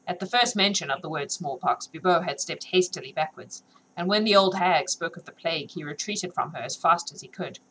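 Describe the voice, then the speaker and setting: A woman's voice: fairly low pitch, brisk, fairly bright tone, a little hiss or hum, low-quality recording. A woman reading a novel aloud on a live stream, then chatting with viewers, laughing often and joking about herself.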